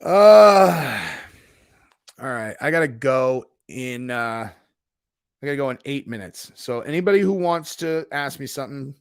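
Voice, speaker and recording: A man's voice: medium pitch, lively intonation, measured pace, smooth, no room sound. A laid-back man chats with his live audience from home and throws "dude" into nearly every line. He swears freely and keeps a mid-range voice. The recording is close and dry. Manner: profane, laid-back, says "dude" constantly. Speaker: streamer host. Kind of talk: casual live-chat stream. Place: home in Texas.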